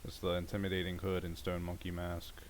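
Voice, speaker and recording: A man's voice: low-pitched, completely flat delivery, fairly quick, slight background noise. A man playing a tabletop game, describing his character's actions hesitantly with many fillers. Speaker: player.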